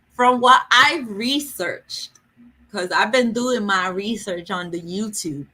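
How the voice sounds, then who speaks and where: A woman's voice: mid-range voice, bright, forceful tone. A woman hosting a book vlog, chatting casually and jokingly with viewers during a livestream. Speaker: book vlogger host. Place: home in a city.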